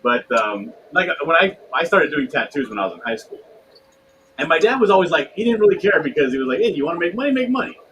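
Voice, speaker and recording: A man's voice: a little high, a little fast. A man telling loose, swearing anecdotes in casual podcast chat, acting out the people he quotes. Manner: animated, swears freely, acts out quotes in raised voice. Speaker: podcast guest. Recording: distant mic with faint noise.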